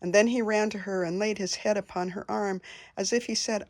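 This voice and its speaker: An older woman reading nursery rhymes aloud in a gentle singsong. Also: medium pitch, fairly even intonation, fairly quick, vocal fry. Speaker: storyteller.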